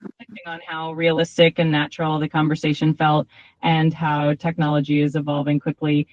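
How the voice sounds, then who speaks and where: A woman's voice: deep voice, brisk, no room sound. AI assistant woman's voice: upbeat and polite, dull lo-fi speaker sound, dry. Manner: polite, upbeat, even-tempered. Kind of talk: cheerful assistant replies.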